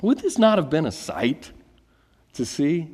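A man preaching a sermon, reading scripture and then explaining it in a lively, conversational storytelling way. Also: on the high side, measured pace, breathy edge, long reverb tail. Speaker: pastor.

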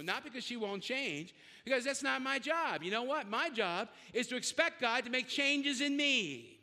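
A man's voice: extremely high pitch, sharp tone, in a large hall. A male pastor preaching a sermon in a conversational way, with self-deprecating asides.

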